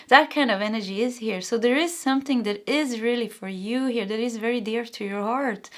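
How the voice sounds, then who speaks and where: A woman with a Swedish accent giving an intuitive tarot reading, soft and earnest, speaking straight to the listener and often stopping to restart her sentences. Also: mid-range voice. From Sweden. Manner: soft, emotional, halting with many restarts; earnest and encouraging, addressing the listener directly. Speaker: tarot reader.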